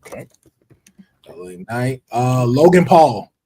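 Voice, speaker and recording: This co-host, a man from the Southern United States, talks slowly in a warm, sing-song, mid-range voice. He keeps the chat easygoing and takes the lead on the picks.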